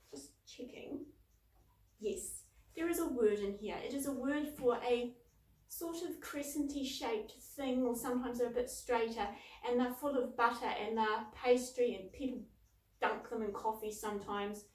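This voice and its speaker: A woman reviewing a children's book and reading from it aloud, in a playful, self-deprecating way. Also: a little high. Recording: roomy, distant mic.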